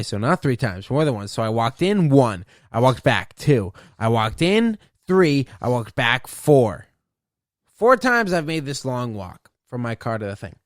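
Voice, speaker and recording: A man hosting a comedy podcast, telling a story in a casual, profane rant full of exasperation. His voice sits at a middle pitch, and the recording is dry and close, with no room echo. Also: fairly bright tone.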